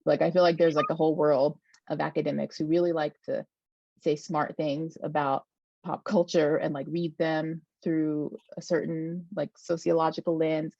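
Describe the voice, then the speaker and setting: A woman guest in casual conversation, relaxed and self-deprecating, laughing between phrases. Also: sits low, normal speed, creaky, dry recording. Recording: dry, dull lo-fi mic.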